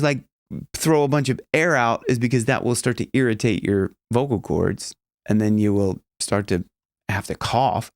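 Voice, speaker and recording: A man coaching singing in a casual lesson, breaking into loud, throaty sung and shouted demonstrations between explanations. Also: medium pitch, moderate pace, no room sound, studio quality. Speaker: vocal coach.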